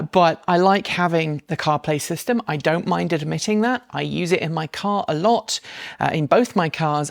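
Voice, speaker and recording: Woman vlogging at home, lower voice, chatty with asides, dry close sound. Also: dry recording. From United States. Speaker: channel host. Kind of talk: casual vlog with sponsored segment. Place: home dining room.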